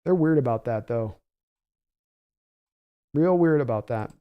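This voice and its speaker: A man's voice: mid-range voice, lively intonation, measured pace, clear, resonant tone, narrow, tinny audio. A man hosting a live game reaction stream, giving opinionated, rambling analysis and reading viewer chat aloud to answer it conversationally. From United States. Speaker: livestream host.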